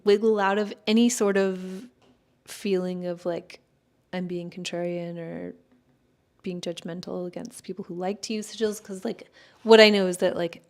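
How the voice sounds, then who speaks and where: A woman's voice: fairly low pitch, fairly even intonation, normal speed. A woman astrologer in casual chat, answering viewer questions in a rambling, hedging way, full of fillers and self-corrections.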